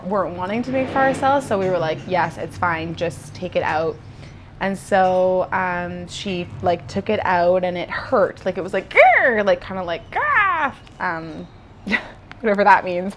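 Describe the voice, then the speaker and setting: A woman's voice: medium pitch, a little hiss or hum. A young woman vlogger telling a personal story in a casual, chatty way, with lots of fillers and restarts.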